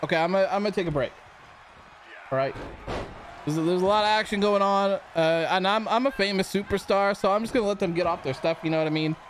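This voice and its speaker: A gaming channel host with a high voice gives let's-play commentary at a quick pace, reacting loudly and excitedly as he plays. He jokes with and argues against the on-screen characters, with a clear noise humming beneath.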